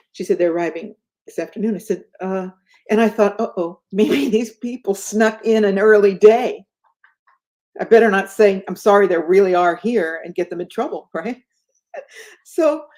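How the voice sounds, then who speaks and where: A woman guest telling a personal story in a conversation, acting out the voices of the people in it. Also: medium pitch. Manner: animated, acts out the voices in her stories.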